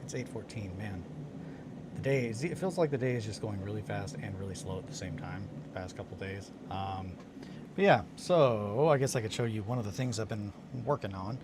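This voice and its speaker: A man's voice: lowish voice, lively intonation, normal speed, background noise. A tired man hosting a casual hobby livestream from his home workshop, telling a story in a rambling way with restarts and fillers. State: tired, just woken up.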